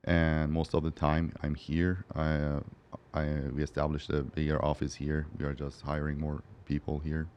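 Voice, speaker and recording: A man's voice: very deep voice, completely flat delivery, normal speed, a little mellow, smooth. A man telling lawyer stories in a casual interview, acting out quotes in a raised voice, laughing often, with non-native English phrasing. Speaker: guest, personal injury lawyer.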